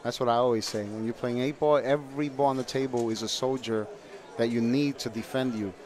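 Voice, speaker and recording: A man's voice: mid-range voice, fairly even intonation, a little fast, darkish tone. A man sitting in as a guest commentator on a pool match, explaining strategy with analogies. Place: commentary booth at a billiards hall.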